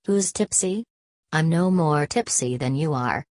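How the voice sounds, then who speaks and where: A woman's voice: deep voice, expressive, measured pace, darkish tone, no echo, clean studio sound. Woman reading as a sneering, brawny smith. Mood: defiant. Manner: threatening, sneering, dropped word endings. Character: brawny sneering working-class smith, man.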